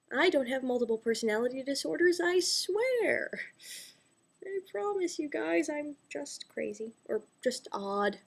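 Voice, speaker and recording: A young woman with a high voice talks her way through a makeup tutorial in a loose, rambling way. She keeps breaking off into self-mocking asides and now and then drops to a whisper. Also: creaky. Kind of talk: casual chatty tutorial.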